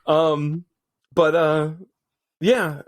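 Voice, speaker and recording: A man's voice: a little high, extremely slow. A man who works as a voice-over artist, chatting casually as a podcast guest and telling stories animatedly, with frequent restarts. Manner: animated storyteller with many restarts. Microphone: studio mic in his booth.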